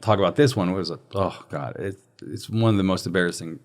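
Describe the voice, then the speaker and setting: A man's voice: low-pitched, fast. A man who is a guest on an interview show, telling prank stories in casual conversation and chuckling as he goes.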